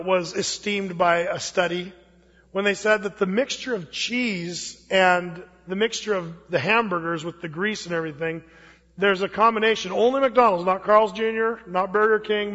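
Male pastor, high voice, casual sermon delivery, long hall reverb on a muffled recording. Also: a bit bright. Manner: conversational preaching with folksy asides.

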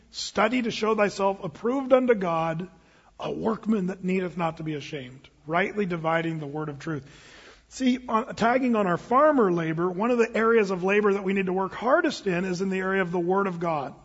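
A man's voice: high voice, a little fast, a bit bright, breathy edge, big-room sound, dull audio. A man from the United States preaching a sermon as a pastor, conversational and emphatic. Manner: conversational, emphatic, with quoted asides. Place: church sanctuary.

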